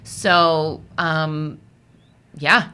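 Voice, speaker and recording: Bright-voiced chatty woman tarot reader. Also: low-pitched, fairly even intonation, drawn-out words, clean tone. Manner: chatty, rambling, digressive with many fillers; emotional, easily moved. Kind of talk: casual tarot reading to camera.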